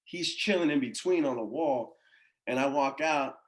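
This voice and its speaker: A man who coaches college baseball, telling a story in a casual podcast chat, animated and full of slang and swearing. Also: mid-range voice, normal speed. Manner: animated, slangy and profane, with many acted-out quotes.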